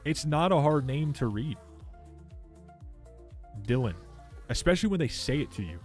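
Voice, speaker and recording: A man's voice: a little high, animated, moderate pace, darkish tone, soft background music. Profane rambling streamer guy. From Canada. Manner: rambling, profane ranting while reading chat. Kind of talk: casual live-stream chat.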